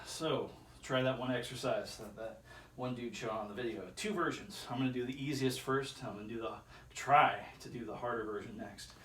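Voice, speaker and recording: A man's voice: mid-range voice, fairly bright tone, recorded from a distance. A man doing a home workout, rambling casually and counting reps under his breath, a little strained from the exercise. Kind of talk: casual self-filmed workout commentary. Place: indoor room with chairs. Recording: echoey room, voice from off-mic, faint ambient noise.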